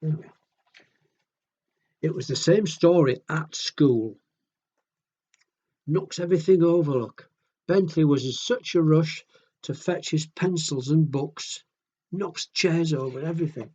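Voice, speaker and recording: A man reading picture books aloud to children in a gentle, chatty way, often asking the listener questions. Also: fairly high pitch, unhurried, long pauses, breathy edge, lo-fi sound. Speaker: children's storyteller.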